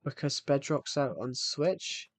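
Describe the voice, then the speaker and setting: A man's voice: mid-range voice, slow, no echo, faint music behind. A man in his twenties chatting casually on a live game stream, a little out of breath and rambling as he restarts his sentences. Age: 20s.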